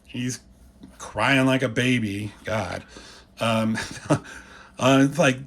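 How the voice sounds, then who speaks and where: Husky guy rambling through a comic, swearing a lot, doing the characters' lines himself. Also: medium pitch, drawn-out words, pauses often, a bit bright. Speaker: guest host walking through comic pages. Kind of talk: casual commentary.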